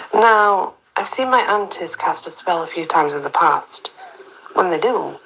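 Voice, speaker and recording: A woman's voice: fairly low pitch, gravelly, fairly bright tone, slight background noise, poor audio. A woman reading a first-person story aloud, with a chatty, wry inner-monologue manner.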